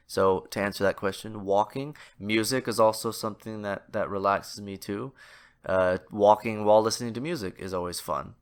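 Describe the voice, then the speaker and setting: A man hosting a solo podcast, rambling and self-deprecating with lots of fillers and restarts, in a somewhat nasal voice. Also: lowish voice. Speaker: podcast host. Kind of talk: casual solo podcast monologue.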